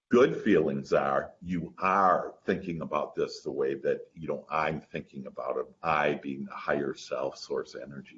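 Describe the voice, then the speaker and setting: Male guest coach, very deep voice, rambling, earnest, dull lo-fi sound. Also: a little hiss or hum. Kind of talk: casual interview chat.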